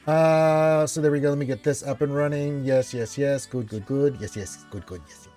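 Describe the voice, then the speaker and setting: A man's voice: medium pitch, fairly even intonation, normal speed, dark tone, soft background music. A man hosting a casual gaming live stream, chatting loosely and reading out viewer greetings.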